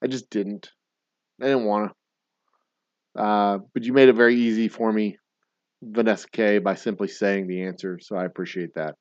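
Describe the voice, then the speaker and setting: A man's voice: on the low side, steady tone, moderate pace, pauses often, no echo, muffled recording. Profane, rambling man hosting trivia. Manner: rambling, profane, mock-grumpy rants. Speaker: trivia game host. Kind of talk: casual livestream chat.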